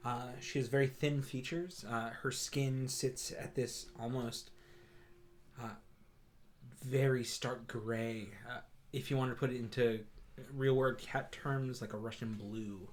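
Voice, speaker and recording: A man's voice: mid-range voice, steady tone, measured pace. A man running a tabletop game as game master, describing scenes at length with frequent hesitations. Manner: descriptive, many fillers and restarts.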